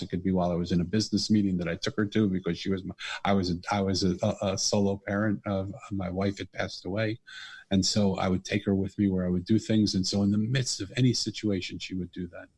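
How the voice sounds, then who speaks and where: A middle-aged man, a podcast guest and author, telling a personal story in an earnest, animated way. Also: sits low, quick pace, husky. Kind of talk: conversational storytelling.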